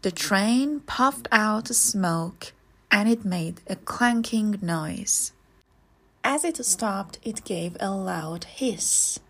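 A woman reading a children's story aloud in a measured storytelling manner. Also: medium pitch, expressive, background noise. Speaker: storybook reader.

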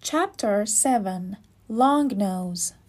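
A woman narrating a children's storybook in a gentle read-aloud manner. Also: mid-range voice, animated, very slow, very noisy.

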